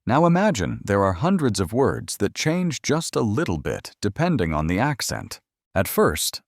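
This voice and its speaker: Male narrator for a language lesson: low, lively delivery, dry close sound. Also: no room sound. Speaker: English teacher.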